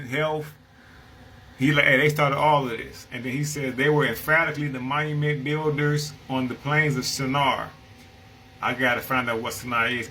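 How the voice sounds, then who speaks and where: A man's voice: medium pitch, sharp tone, slight background noise, low-quality recording. A man reading passages from an old book and explaining them in a casual, conversational way, often checking in with "right?". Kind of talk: casual explanatory talk with read-aloud quotes.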